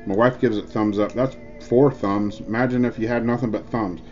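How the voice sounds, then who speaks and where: Speaking at a moderate, steady pace, this man has a lowish, somewhat mellow voice. He's an e-juice reviewer meandering through a jokey, casual vlog review heavy on fillers, recorded in dull lo-fi with music faintly audible.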